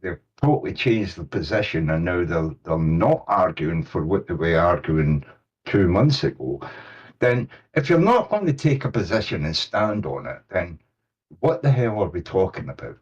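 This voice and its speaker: A man in a casual online voice chat, reasoning aloud in a measured way. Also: sits low, sing-song, breathy edge, lo-fi sound.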